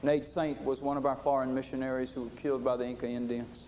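A man preaching a sermon with passion, swinging from loud to hushed. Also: mid-range voice, little pitch movement, fast, slight background noise.

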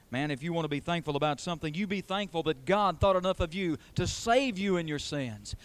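A man preaching a sermon with a fairly high voice. He presses his points hard, stacking repeated phrases as he builds. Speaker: pastor.

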